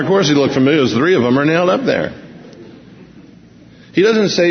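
A man preaching a sermon, reading scripture slowly and then explaining it in a conversational way. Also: fairly high pitch, lively intonation, gravelly, big-room sound, muffled recording, slight background noise.

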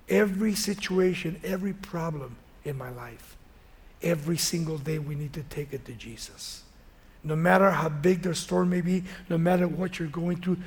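Male preacher, high and gravelly voice, lively chatty sermon delivery. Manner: animated, conversational retelling of a Bible story.

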